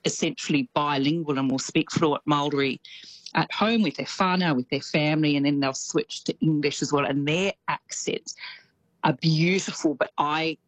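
A woman's voice: low voice, fairly even intonation, moderate pace, no room sound, poor audio. A middle-aged Australian woman with a slight Kiwi tinge, chatting enthusiastically as a radio show's New Zealand correspondent. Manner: chatty, enthusiastic, laughs easily.

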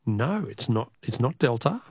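A man's voice: mid-range voice, sing-song, normal speed, a little mellow, slightly rough, dry recording. A middle-aged Australian man hosting a radio call-in quiz, jovial and chuckling as he repeats the question.

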